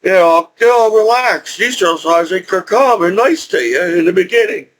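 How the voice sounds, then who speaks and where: High-voiced man rambling through a story. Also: moderate pace, fairly bright tone, slight background noise. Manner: rambling, repeats and restarts, laughs often. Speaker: veteran telling his story. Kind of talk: casual storytelling.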